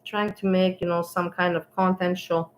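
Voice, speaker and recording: A woman's voice: fairly low pitch, little pitch movement, moderate pace, a little hiss or hum, rough recording. A scornful woman commenting bluntly. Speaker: host reacting to a stream. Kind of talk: casual commentary.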